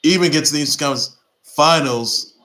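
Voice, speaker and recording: A man with a bright, forceful voice runs through the day's sports news in a loose, unscripted way. He circles back on his own phrases and pushes hard on his points with emphatic exhortations. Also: a little high, a little fast, low-quality recording. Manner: rambling and repetitive, with emphatic exhortations. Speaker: sports report host. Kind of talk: casual sports news commentary.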